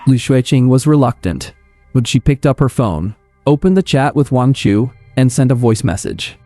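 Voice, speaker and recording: Casting: male narrator for a comic recap, mellow warm tone, steady storytelling, faint music underneath. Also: medium pitch, moderate pace.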